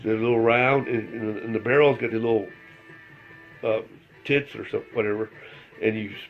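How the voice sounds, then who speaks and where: A man's voice: fairly low pitch, fairly even intonation, normal speed, faint music behind. Chuckling man telling stories. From El Paso, Texas. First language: Spanish. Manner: rambling, chuckles through the telling. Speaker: storyteller. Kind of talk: casual anecdote telling. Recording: slightly dull lo-fi recording.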